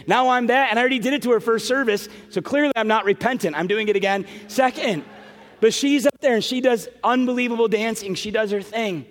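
A middle-aged man preaching a sermon as pastor, telling an emotional family story with quick asides. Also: extremely high pitch. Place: large church sanctuary. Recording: long hall reverb, soft music behind.

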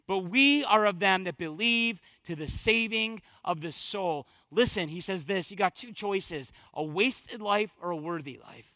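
High, bright-voiced preaching man. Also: measured pace, few pauses, no echo. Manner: swings from hushed to fervent preaching; repeats phrases for emphasis. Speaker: pastor. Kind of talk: sermon.

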